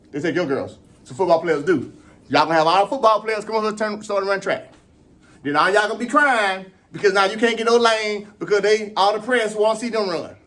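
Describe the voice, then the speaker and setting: A man runs his own sports vlog, riffing on track and field. He talks in a loose, slangy way, exclaiming a lot, and his voice sits very high. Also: fairly quick, bright, forceful tone. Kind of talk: casual sports commentary.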